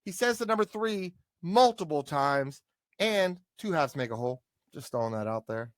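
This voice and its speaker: Animated man with a lively pitch. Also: moderate pace, no room sound, clean studio sound. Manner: playful, animated, acts out quotes. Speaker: podcast co-host. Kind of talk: casual book discussion.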